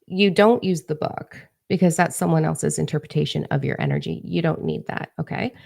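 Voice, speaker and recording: Low, gravelly woman, brash and profane, livestreaming by phone as a psychic coach. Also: moderate pace, darkish tone. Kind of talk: livestream talk to viewers.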